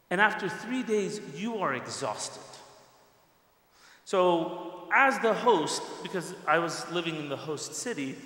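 A middle-aged man giving a Friday sermon, telling a personal story in an animated way and speaking straight to the congregation. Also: a little high. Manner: animated storyteller who addresses the congregation directly. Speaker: preacher. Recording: echoey hall with long reverb.

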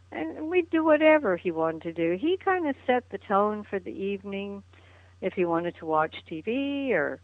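A woman's voice: mid-range voice, dry recording. An older woman reminiscing as a guest in a phone interview, chatty and laughing often. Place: at home on a phone call. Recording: tinny dry phone line.

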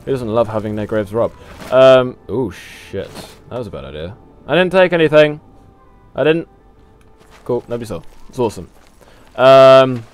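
A young man gives a rambling running commentary over a video game. He swears freely, laughs at himself, and drifts between thoughts. His voice rises and falls with lively pitch. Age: young adult. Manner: rambling, swearing, self-mocking, laughs often. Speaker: gaming channel host. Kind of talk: casual let's play commentary.

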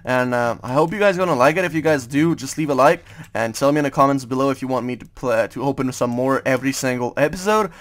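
A man's voice: mid-range voice, fast talker. A young man from France with a French accent, giving casual, hesitant gaming commentary full of fillers. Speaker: gaming YouTuber.

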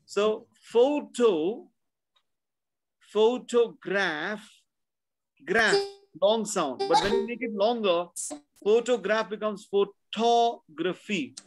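A man's voice: high voice, slow. A man with an Indian English accent teaching pronunciation in an online class, checking in with "right?" after his points. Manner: explanatory, drills words by repetition, frequent "right?" checks. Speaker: spelling bee tutor.

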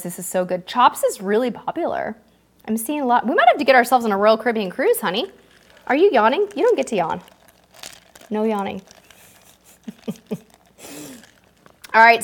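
Bubbly woman hosting a lively livestream. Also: high-pitched. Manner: bubbly, reads viewer comments aloud, laughs often. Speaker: livestream host. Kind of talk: casual livestream chat.

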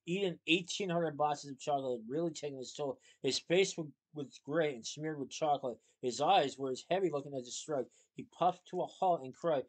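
A man reads a novel aloud in a steady storyteller's manner. His voice sits a little high for a man. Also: brisk, few pauses, rough recording.

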